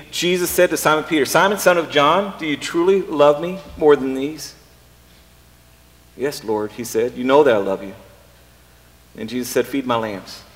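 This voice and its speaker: A pastor preaching a casual sermon, often pausing and repeating words as he thinks aloud. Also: mid-range voice. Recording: long reverb in a hall.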